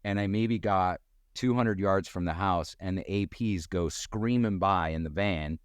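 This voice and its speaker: A middle-aged man telling a personal story in casual conversation, acting out quoted voices with sudden jumps in pitch. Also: a little slow, smooth, no echo. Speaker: guest storyteller.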